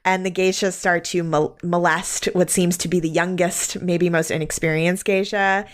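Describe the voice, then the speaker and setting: A woman hosting a podcast, casually recapping a film and laughing often as she talks. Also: fairly low pitch. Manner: laughs often while recapping, relaxed drawn-out phrasing. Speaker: podcast host.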